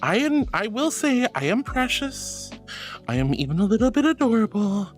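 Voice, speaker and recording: A woman streaming casual chat as a sweet archangel persona, her pitch swinging widely as she plays up mock grandeur. She shifts into a gentle, comforting tone for her viewers, with faint music underneath. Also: very animated, normal speed. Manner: playful, dramatic, comforting toward chat. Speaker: VTuber streamer.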